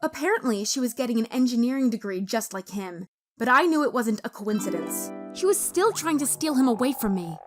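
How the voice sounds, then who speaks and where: Woman, storytime narration, dramatic, high voice, very lively. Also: fairly quick, music in the background. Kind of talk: scripted first-person story narration.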